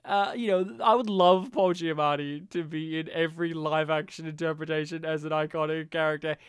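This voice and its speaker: A man's voice: a little high, fairly even intonation, a little fast, clear, resonant tone, no room sound, studio quality. A man co-hosting a podcast in casual chat, joking, laughing often and slipping into silly impressions. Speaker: podcast co-host.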